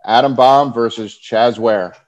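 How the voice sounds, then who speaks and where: A man recounting his wrestling days in an easygoing, animated way, laughing now and then. The audio is dull and slightly muffled, like a lo-fi podcast track. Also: medium pitch, measured pace. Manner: animated, laughs often while telling stories. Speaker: guest, former pro wrestler. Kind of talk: casual storytelling.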